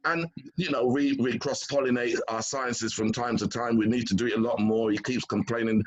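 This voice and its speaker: A man's voice: medium pitch, steady tone, moderate pace, muffled recording. A man speaking as a doctor on a health panel, talking with emphasis, often repeating words as he starts sentences and acting out the people he quotes. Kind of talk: animated panel talk.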